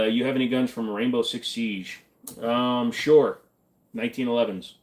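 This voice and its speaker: A man hosting a casual livestream, reading out chat comments and answering them with deadpan jokes. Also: lowish voice. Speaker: livestream host.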